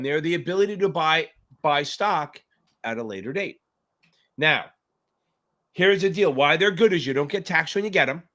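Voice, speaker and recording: Male tutor, live stream Q&A, casual and profane, rambling jokes, slightly high voice. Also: bright, forceful tone. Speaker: exam tutor hosting a live Q&A.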